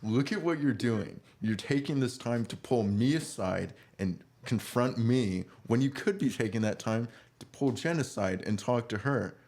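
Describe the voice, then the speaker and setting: A young male podcast co-host casually recaps a reality show, mimicking people's lines in exaggerated voices and laughing often. He has a mid-range, slightly mellow voice and speaks animatedly at a moderate pace with hardly any pauses.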